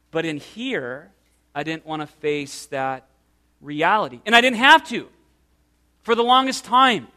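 Guy preaching a sermon, high bright voice, earnest and slow on the big points. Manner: earnest, pastoral, slows for emphasis.

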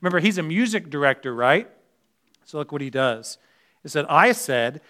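This male pastor's voice sits a little high, with an animated delivery, normal speed and a sharp tone. He preaches conversationally, putting rhetorical questions to the congregation and reading scripture aloud with emphasis.

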